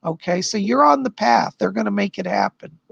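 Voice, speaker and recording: A man hosts a live-stream, chatting through viewer questions and relaying spirit messages. His voice is gravelly with heavy fry. It sounds husky and dry, close to the mic. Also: high voice, a little fast, no room sound, lo-fi sound. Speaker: psychic livestream host. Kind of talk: live-stream chat readings.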